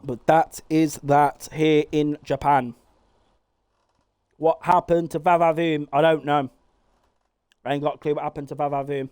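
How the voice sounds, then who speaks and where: A man giving live play-by-play commentary on a sim race, excitable and swearing freely as he calls the action. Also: fairly high pitch, unhurried, long pauses, smooth, no echo, clean studio sound.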